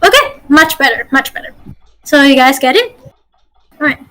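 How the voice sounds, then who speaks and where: Woman from Malaysia, high voice, chatty coaching host of an online workshop. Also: very animated, pushed and bright, slight background noise, poor audio. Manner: chatty, coaching, gives corrections with quick fillers. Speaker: workshop host and dungeon master. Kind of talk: teaching an online voice-acting workshop.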